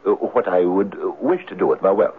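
An actor playing a poor, earnest, idealistic Irish farmer who hesitates with many 'uh's, in a 1970s radio drama. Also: male voice, low-pitched, a little fast, slight background noise, lightly acted. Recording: tinny lo-fi old radio broadcast.

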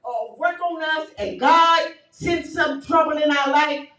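A woman pastor delivering a fervent sermon, building up to shouts and often breaking into laughter. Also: sits high, measured pace. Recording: echoey church audio from far off.

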